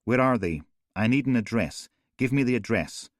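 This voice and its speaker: A man voices a police emergency operator, sounding firm, insistent and controlled. His mid-range voice is expressive at a moderate pace, pushed up slightly yet close to an everyday voice, in a clean studio recording with no echo.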